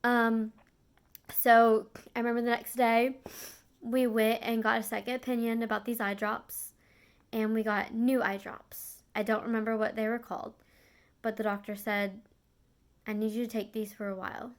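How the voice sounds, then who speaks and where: Young woman vlogger, slightly high voice, earnest and confiding storytelling, loose with fillers and restarts. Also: level tone, normal speed, clear, resonant tone. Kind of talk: emotional personal storytelling.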